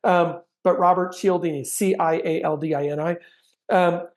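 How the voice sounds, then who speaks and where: A man's voice: on the high side, steady tone, moderate pace. A middle-aged man teaching sales technique in a chatty training talk, acting out sample lines now and then.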